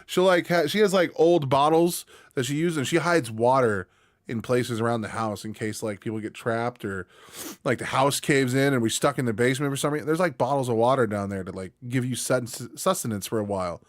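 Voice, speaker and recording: A man's voice: mid-range voice, a little fast. A young man streaming, rambling in a laid-back, slangy way as he chats with his viewers. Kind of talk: casual live-stream chat.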